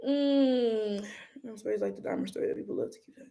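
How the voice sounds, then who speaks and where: Blunt high-voiced Detroit woman. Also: quick pace. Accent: African American Vernacular English, Detroit. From Detroit, USA. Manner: blunt, profane, animated. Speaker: YouTube host reading comments. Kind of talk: casual livestream commentary.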